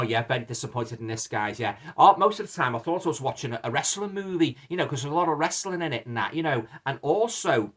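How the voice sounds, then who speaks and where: A man's voice: medium pitch, fairly bright tone. A middle-aged man with a Liverpool accent chatting casually about his latest film purchases, rambling with lots of fillers and restarts. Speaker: vlogger showing film purchases. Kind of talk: casual chat.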